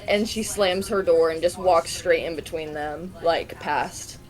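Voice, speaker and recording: A woman's voice: lowish voice, unhurried, soft background music. A woman playing a tabletop game, narrating her character's actions in a chatty way. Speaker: player.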